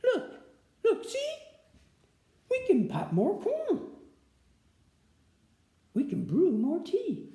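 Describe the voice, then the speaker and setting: A woman voicing a small, kindly mouse who soothes in a squeaky voice during a storybook reading. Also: wildly swooping pitch, extremely slow, long pauses, warm tone, exaggerated voice. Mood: soothing. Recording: echoey room.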